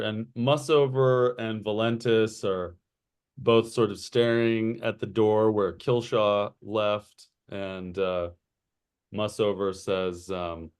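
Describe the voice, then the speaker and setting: A man runs a tabletop game in a slow, halting way, with his low voice dotted with fillers as he sets each scene. He takes his time over every line. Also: smooth. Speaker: game master.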